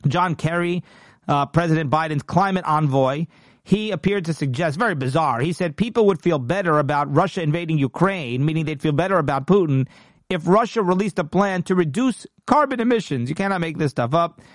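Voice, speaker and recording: A man's voice: a little high, lively intonation, brisk, dry recording, studio quality. A man hosting a political commentary show, talking emphatically and indignantly and often restarting his sentences.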